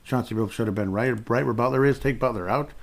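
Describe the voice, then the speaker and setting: A man's voice: medium pitch, quick pace. A man hosting a solo basketball podcast, rambling in a chatty way and reading out listener messages. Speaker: podcast host. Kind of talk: solo sports podcast commentary.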